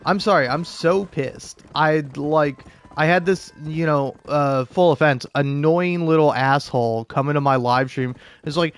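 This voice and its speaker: A man's voice: on the high side, measured pace, hardly any pauses, smooth. A young man streaming a game, rambling in casual chat with lots of fillers and restarts, sarcastic and profane.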